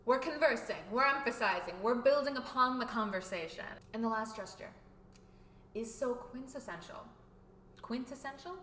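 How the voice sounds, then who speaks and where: Animated young woman vlogger, echoey room. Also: a little high, normal speed, a little hiss or hum. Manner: animated and expressive, shifting between loud and quiet. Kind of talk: casual talking-head vlog.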